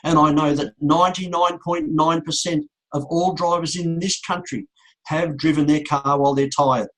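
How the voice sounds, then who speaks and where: A middle-aged man, a motivational speaker, telling a painful story to an audience in a slow, repetitive way with emphatic pauses. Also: a little high, steady tone, a bit bright, rough recording. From Australia. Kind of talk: emotional speech to an audience.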